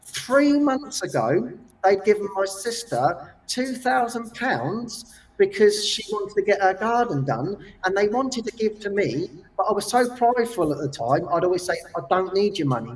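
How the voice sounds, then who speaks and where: A man telling a personal story in casual chat, animated and laughing often as he acts out quotes. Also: sits high, moderate pace. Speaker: guest. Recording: distant from the mic.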